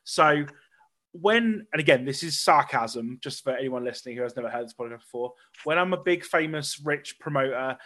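A man's voice: medium pitch, expressive, normal speed, bright, forceful tone. A man hosting a podcast, joking and laughing often with sarcastic asides. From Australia. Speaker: podcast host. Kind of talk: casual podcast interview.

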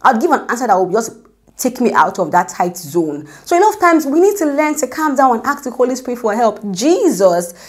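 A woman's voice: a little high, big pitch swings, brisk. Young woman, chatty faith talk, keeps checking in with her listeners, acts out voices when she quotes people. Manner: conversational, repeats "do you get me?"; acts out quotes, drops to a whisper for prayers. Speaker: Christian speaker. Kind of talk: informal devotional talk.

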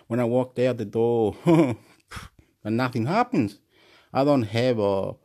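A man's voice: mid-range voice, moderate pace, darkish tone. A man rambling to camera in a vlog, repeating himself, jumping between ideas and laughing often. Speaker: YouTuber.

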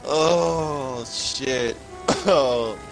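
A man's voice: mid-range voice, very slow, soft background music. A man co-hosting a gaming podcast, swearing freely and laughing until he cries. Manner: laughs hard, swears a lot, cracks up. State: crying with laughter. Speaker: podcast co-host playing a game. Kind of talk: casual gaming chat.

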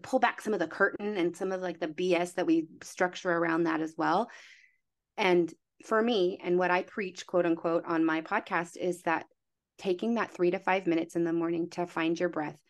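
A young woman with a slightly low voice chats easily as a podcast guest. She talks in a lively, filler-heavy way. She slips into acted-out snippets of her own thoughts. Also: normal speed. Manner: animated, chatty, many fillers and acted-out inner voices. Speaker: wellness coach guest. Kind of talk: casual podcast conversation.

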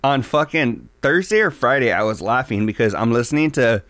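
A man's voice: medium pitch, lively intonation, brisk, a bit bright, no echo. Guy cohosting a podcast, swears a lot, rambles, dry close sound. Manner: loose, profane, rambling with many fillers. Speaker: podcast co-host. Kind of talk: casual chat.

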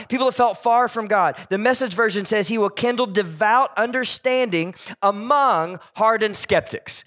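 Animated male pastor with a high voice. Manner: animated, jokey, voices characters in quotes. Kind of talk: sermon.

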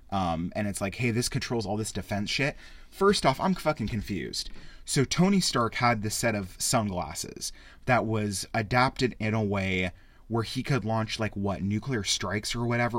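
A man with a slightly low voice gives a loose, rambling review, swearing freely and getting worked up as he goes. The recording is close and dry, with no room sound. He talks the way a show host chats to regular listeners. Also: no room sound. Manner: rambling, profane, excitable. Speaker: podcast host reviewing a film. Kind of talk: casual spoken film review.

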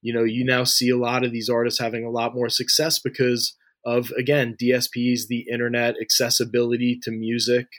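A man's voice: medium pitch, completely flat delivery, a little fast, hardly any pauses, fairly bright tone, dry recording. A man in his thirties giving long, loose interview answers, full of "you know" and "like" and frequent restarts. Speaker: interview guest, music industry figure.

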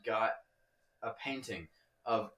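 A man's voice: fairly low pitch, takes it slowly, fairly bright tone. A young man in a casual group chat, telling a bit in a laid-back way. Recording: echoey room, mic far off.

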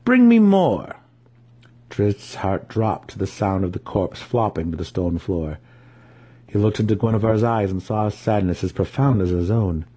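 A man reading a fantasy novel aloud, telling the story with steady drama. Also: low voice, moderate pace, slightly rough. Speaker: audiobook reader.

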